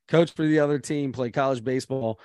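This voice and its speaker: A man co-hosting a podcast, telling stories in a casual, animated chat. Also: mid-range voice, clean tone, dry recording. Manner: storytelling, animated, quick asides. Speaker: podcast co-host.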